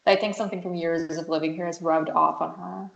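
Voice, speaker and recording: A woman's voice: fairly low pitch, steady tone, quick pace, gravelly, lo-fi sound. Host: chatty woman interviewer, wanders off on tangents, echoey room sound. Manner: chatty and rambling, jumps between tangents. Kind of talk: casual interview chat. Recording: roomy echo.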